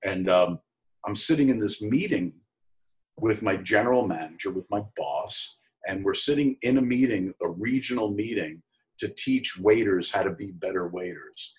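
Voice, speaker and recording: A middle-aged man, an actor as a guest, casually telling an anecdote and acting out the people in it with jumps up in pitch. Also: moderate pace. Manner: animated storyteller who acts out quoted voices in a higher pitch.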